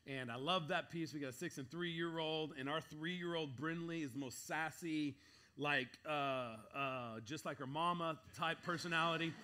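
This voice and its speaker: A man with a high voice preaches to a congregation. He tells a funny story in an animated way. He acts out voices and laughs at his own lines, with a bright, forceful tone. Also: normal speed, clear, resonant tone. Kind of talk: sermon storytelling.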